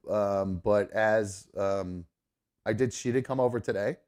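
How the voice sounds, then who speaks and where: A man's voice: on the low side, measured pace, a little mellow, faint music behind. A man hosting a live talk show, telling a story casually with lots of fillers. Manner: rambling, many fillers. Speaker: host.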